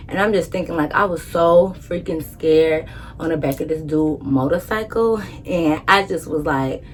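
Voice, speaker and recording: A woman vlogger telling a story in a casual, animated, blunt way, swearing freely. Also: deep voice, normal speed, slight background noise.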